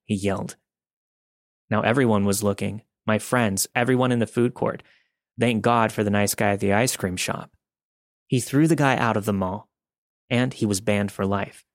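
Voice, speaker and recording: A man reading listener-submitted stories aloud as a podcast host, in a calm, steady first-person storytelling delivery. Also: on the low side, dry recording, studio quality. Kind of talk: scripted first-person narration.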